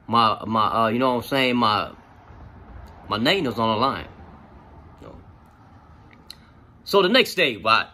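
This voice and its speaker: A man telling a personal story in a profane, animated, casual way, with lots of fillers. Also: medium pitch, normal speed, long pauses.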